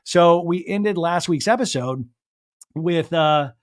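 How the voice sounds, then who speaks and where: A man hosting a podcast, recapping a reality show in a lively casual way and acting out the cast's lines. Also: fairly high pitch, slow, dry recording, studio quality. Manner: animated, acts out cast members' lines in put-on voices. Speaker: podcast host.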